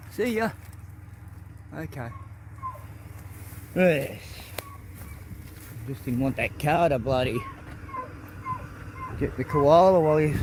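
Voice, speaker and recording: A man's voice: on the high side, animated, measured pace, pauses often, noisy background. Australian man coaxing wild animals outdoors. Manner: coaxing, talks softly to animals as to a mate. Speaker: vlogger. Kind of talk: casual chat to animals while filming. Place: outdoors in rural bushland.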